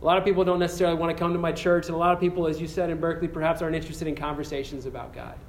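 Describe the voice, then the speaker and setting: A man preaching to students in an earnest storytelling manner, his voice sitting a little high. He stumbles and restarts often, then slows into a hushed prayer. The room is echoey with a faint hum of ambience. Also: level tone. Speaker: campus pastor. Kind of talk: sermon ending in prayer.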